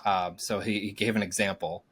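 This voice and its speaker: Low-voiced young man reading listener topics. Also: steady tone, a little fast, fairly bright tone, breathy edge. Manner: reads out listener messages, easygoing. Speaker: podcast co-host running the topic wheel. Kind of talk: casual podcast chat.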